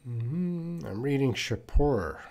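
A man in his forties teaches English on a live stream in a mid-pitched voice. He drills short phrases over and over for pronunciation. Between drills he stays relaxed and thinks aloud with easy fillers as he reads viewers' comments. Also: slow pace. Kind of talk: live-streamed lesson answering chat comments.

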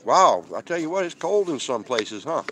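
His voice is fairly high with big swings in pitch, a moderate pace, and a slightly bright quality, with a little hiss or hum on the audio. He's a van-life vlogger live-streaming from a desert campsite outdoors, rambling casually, reading viewer comments, and eating while he speaks.

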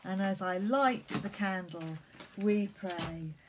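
A woman leading collective worship for primary school children, speaking gently and reading them a story. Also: mid-range voice, slow, background noise.

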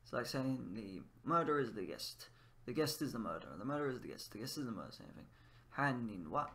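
A fast-talking man with a sharp, sing-song, mid-range voice offers laid-back gameplay commentary. As a language teacher, he practices Japanese phrases and explains them in English during play, wandering back and forth between the languages as he thinks aloud.

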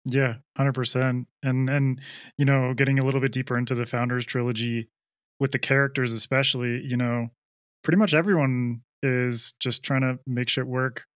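Flat-voiced male host, dry sound. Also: medium pitch, normal speed, no room sound. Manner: laid-back, asks long rambling questions. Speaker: podcast host interviewer. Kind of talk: casual interview.

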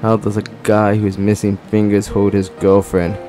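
A man with a low voice riffs crudely and laughs as he plays through a game on stream. Soft game music runs underneath his casual commentary. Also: monotone, moderate pace. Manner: crude, joking, laughs often.

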